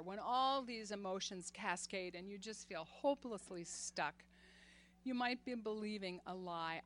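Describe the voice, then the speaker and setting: A woman in her sixties giving an earnest faith talk to a group, laughing often and growing animated when she retells stories. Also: mid-range voice. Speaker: women's ministry speaker.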